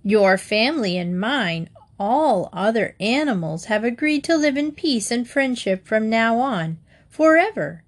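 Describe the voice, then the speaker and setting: A woman's voice: fairly high pitch, lively intonation, unhurried. A woman doing a sly sweet-talking fox. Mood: gushing. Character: sly crafty male fox, falsely friendly.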